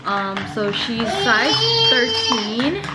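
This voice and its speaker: Very slow and very noisy, this vlog features a young woman with a fairly high voice and big pitch swings. She chats casually, uses "like" often, and tells stories with quoted voices for the people involved.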